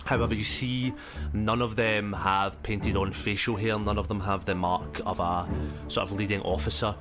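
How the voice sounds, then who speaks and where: A man's voice: fairly low pitch, fairly even intonation, normal speed. A man with a Scottish accent running a tabletop game as game master, talking in a hesitant way full of ums. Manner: hesitant, lots of ums and sort-ofs. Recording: music bed behind voice.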